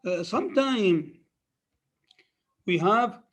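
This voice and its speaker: A man's voice: sits high, expressive, drawn-out words, a bit bright. A man with an Arabic accent giving a phonetics lecture, repeating key terms emphatically for students. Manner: repetitive, emphatic teaching with many restarts.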